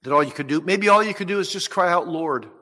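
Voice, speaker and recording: A man preaching a sermon with passion, rising loud when he voices Jesus and dropping soft and low when he pleads. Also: fast talker. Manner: impassioned, swells loud on quoted words of Jesus and drops soft on pleading. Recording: long reverb of a large hall.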